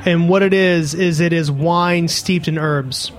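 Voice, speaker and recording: A man's voice: on the high side, steady tone, unhurried. A man who runs a restaurant, explaining wine in casual chat, enthusiastic and profane, with many restarts. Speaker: restaurant owner and wine guest.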